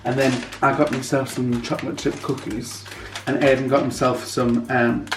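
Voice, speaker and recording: A man's voice: mid-range voice, little pitch movement, moderate pace, roomy sound, background noise. A young British man chatting casually to camera at home for his vlog, rambling with plenty of ums. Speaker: vlogger. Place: at home, indoors.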